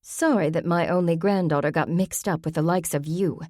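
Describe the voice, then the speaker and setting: A woman's voice: lowish voice, moderate pace, a little mellow, no echo, studio quality, natural voice. Proud elderly woman, indignant and firm, read by a woman narrator. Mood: defiant.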